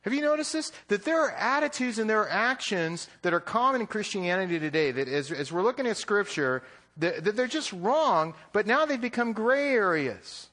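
A man's voice: sits high, very animated, normal speed, a bit bright. A man preaching a sermon in a conversational, joking way, often checking in with his listeners. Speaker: pastor.

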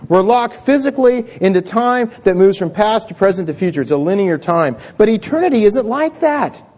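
A man's voice: sits high, lively intonation, moderate pace, a little mellow, muffled recording. A man preaching a sermon to his congregation in a church hall, conversational, with many repeated words and restarts. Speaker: pastor.

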